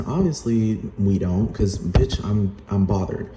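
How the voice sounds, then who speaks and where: A heated, profane rant from a man with a lowish voice, repeating himself and keeping on asking whether you understand. The room rings with echo, and steady noise sits underneath. It is loud and restless throughout. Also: a little slow. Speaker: vlogger. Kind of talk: angry ranting vlog. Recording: echoey room with noise behind.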